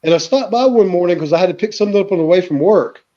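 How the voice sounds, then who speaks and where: A man with a high but mellow voice tells rambling family stories on a casual livestream. The sound is dull and lo-fi, like a stream over a call. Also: racing. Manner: rambling anecdotes with acted quotes. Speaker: livestream host. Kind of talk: casual storytelling chat.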